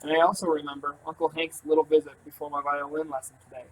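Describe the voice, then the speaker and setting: A man narrating an audiobook in the first person, calm and steady. His voice is a little higher than most men's, and faint room ambience sits behind him. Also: quick pace, slight background noise, poor audio. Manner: calm, even storytelling.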